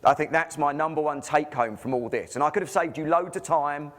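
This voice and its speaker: A man's voice: on the high side, fairly quick, fairly bright tone. A man with an English accent giving a conference presentation as a physiotherapist, full of rhetorical questions and jokey asides.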